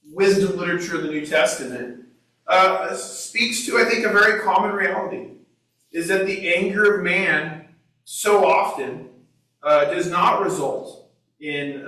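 A man's voice: high voice, sharp tone. Man teaching a Bible class, echoey room. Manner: conversational, asks the group questions. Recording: echoey room, mic far away.

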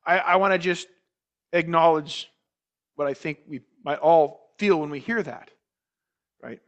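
High-voiced male pastor preaching deliberately. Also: muffled recording. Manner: measured preaching with repeated words and rhetorical questions. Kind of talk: sermon.

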